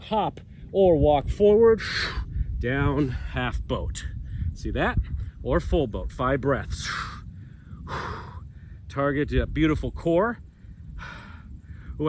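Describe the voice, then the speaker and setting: Outdoors with a mountain view, a male yoga instructor guides a workout, cueing poses with joking asides and breathing hard from the effort. His mid-range voice is lively and a little mellow, delivered slowly with frequent pauses, over a faint hiss or hum.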